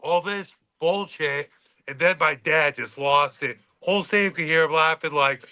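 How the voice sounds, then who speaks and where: A man's voice: fairly high pitch, normal speed, sharp tone, smooth, dry recording, low-quality recording. A man, a former college football player, telling a story in casual podcast chat and acting out the quotes with swearing.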